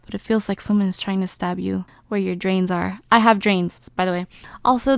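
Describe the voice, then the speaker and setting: A young woman chats candidly in a casual vlog from her bed, breathless and a bit rambling. Her voice carries a gravelly fry over a middle pitch, and the sound is close and dry with no room around it. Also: no echo. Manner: candid, rambling, laughs often. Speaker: vlogger. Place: bedroom, lying in bed.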